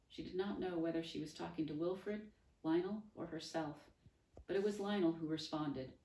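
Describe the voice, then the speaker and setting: A woman reading a novel aloud in a calm, measured way. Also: low-pitched. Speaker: storyteller. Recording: roomy, distant mic.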